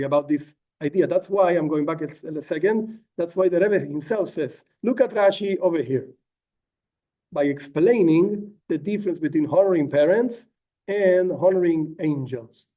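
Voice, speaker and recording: Rabbi teaching a text, lively asides; high, mellow voice, mic set back. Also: male voice, far from the mic. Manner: animated, acts out quotes, frequent asides like "whatever". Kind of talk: informal text lesson.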